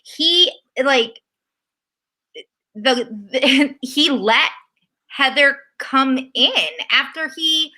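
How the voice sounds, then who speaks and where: Bright-voiced woman ranting animatedly. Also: sits high, extremely slow, long pauses. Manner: animated, ranting, mocking impressions. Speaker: podcast co-host. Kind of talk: casual recap chat.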